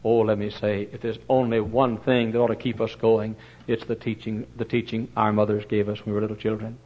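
A male pastor preaching a storytelling sermon, folksy and animated, with many fillers and sudden loud bursts. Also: fairly low pitch, a little fast, lo-fi sound.

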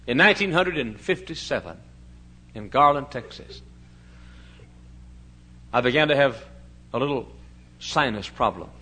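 A male pastor delivers a fiery revival sermon, shifting from soft, hushed storytelling to loud, thundering preaching and drawing out scripture verses for emphasis. His mid-range voice is animated and slightly rough, at a measured pace with long pauses.

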